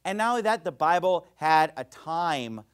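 A man preaching a sermon as pastor, fiery and emphatic, swinging between loud bursts and quiet asides. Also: fairly high pitch, lively intonation, normal speed, clear, resonant tone.

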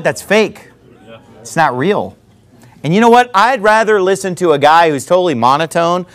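A man preaching a sermon, talking in an animated way and sometimes mocking other preachers. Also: on the high side. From not from the American South.

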